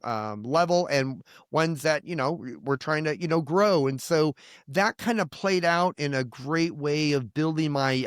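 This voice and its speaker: A man's voice: mid-range voice, dry recording, studio quality. A man in his fifties, a pastor, telling his personal testimony in an earnest, rambling way, full of restarts and quoted prayers. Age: 50s. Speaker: pastor and guest.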